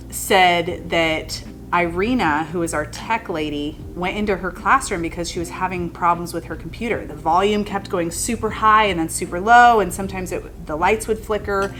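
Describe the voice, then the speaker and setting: A woman, a high school English teacher, telling a spooky classroom anecdote in a dramatic, lively way. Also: moderate pace, a little hiss or hum. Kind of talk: personal anecdote storytelling.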